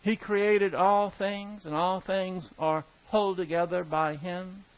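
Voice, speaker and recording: A man with a high voice teaches a Bible passage word by word. He talks in an easy, conversational way and leans hard on key words. The recording sounds dull and lo-fi. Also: steady tone, slow. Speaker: preacher.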